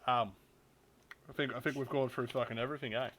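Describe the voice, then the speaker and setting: A man hosting a podcast, chatting casually, swearing a lot and breaking into loud outbursts. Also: mid-range voice, steady tone, fast. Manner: swears a lot, loud bursts of laughter and outrage. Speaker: podcast host. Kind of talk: casual chat.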